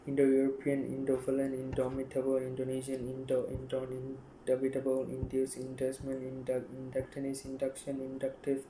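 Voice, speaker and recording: A man reading dictionary words aloud one after another, in a flat listing manner with frequent stumbles and restarts. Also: medium pitch, fairly quick, hardly any pauses, echoey room, a little hiss or hum, low-quality recording. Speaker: youtuber.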